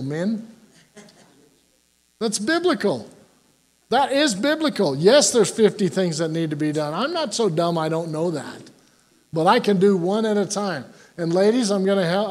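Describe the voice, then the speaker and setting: A man's voice: high-pitched, darkish tone. An older man preaching a sermon as pastor, folksy and joking, often asking the congregation "Amen?".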